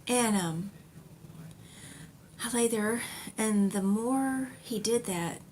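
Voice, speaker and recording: A woman's voice: on the high side, takes it slowly, a little mellow, a little hiss or hum. A middle-aged woman hosting a knitting podcast, telling a personal story in a chatty, rambling way with fillers and laughs.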